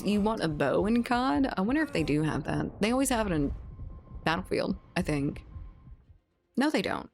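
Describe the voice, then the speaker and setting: A woman's voice: medium pitch, very animated, normal speed, vocal fry, slight background noise. A woman streamer chatting casually with viewers while gaming, laughing often and swearing freely.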